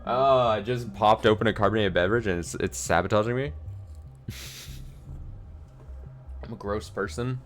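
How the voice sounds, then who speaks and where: A man's voice: lowish voice, moderate pace, long pauses. A man streaming a game, reading along and adding loose, joking asides. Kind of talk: casual game commentary.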